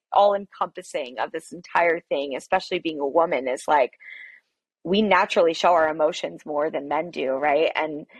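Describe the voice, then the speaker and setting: A young adult woman talking on a podcast, her voice on the lower side for a woman. She tells her story with lively emphasis and real intensity. The sound is dry and close, with no room around it. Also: vocal fry, slightly rough, no room sound. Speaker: podcast guest, coffee shop owner. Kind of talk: casual interview storytelling.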